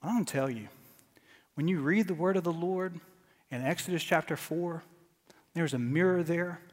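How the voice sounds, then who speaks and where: A male pastor preaching a dramatic sermon to his congregation, sometimes dropping to soft near-whispers. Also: on the high side, moderate pace. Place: church sanctuary. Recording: church sanctuary with long reverb.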